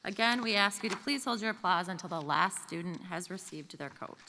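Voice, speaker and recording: A woman emceeing a formal ceremony, reading out names and hometowns slowly and evenly. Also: on the low side, sharp tone. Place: large auditorium. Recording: reverberant hall with faint music.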